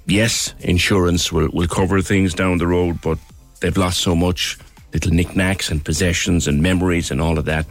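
Deep gravelly-voiced male radio host. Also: flat delivery, moderate pace, few pauses, faint music behind. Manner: earnest, repeats words while speaking. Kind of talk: phone-in radio chat.

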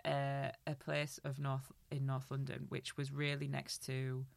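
A woman's voice: a bass voice, monotone, a little slow, vocal fry, no room sound. A woman comedian co-hosting a podcast, reading a myth aloud with dry, wry asides.

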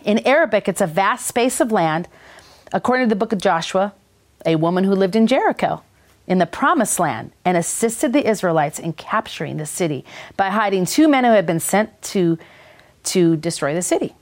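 A woman's voice: medium pitch, lively intonation, moderate pace, faint music behind. A woman with a Minnesota accent hosting a faith-based talk show, speaking in an earnest, enthusiastic, preacherly way. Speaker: ministry talk show host.

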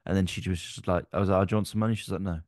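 A young man, co-hosting a casual podcast and telling stories with loud, sweary re-enacted quotes. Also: sits low, no room sound, studio quality. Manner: animated storytelling, swearing, quick shifts to loud re-enacted quotes. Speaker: podcast co-host. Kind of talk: casual banter.

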